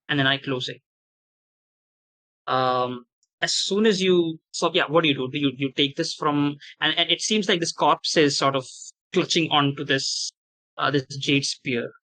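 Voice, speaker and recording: A man narrating a tabletop horror game as game master, halting and restarting as he improvises. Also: fairly high pitch, pushed and bright, low-quality recording. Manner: halting, many restarts and fillers while improvising.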